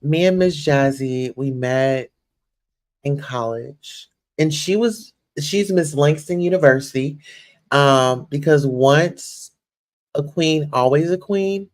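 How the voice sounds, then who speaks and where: A woman's voice: deep voice, slow, darkish tone. A young woman hosting a casual livestream chat, effusive and gushing, full of "you know" and "listen here.". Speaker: host.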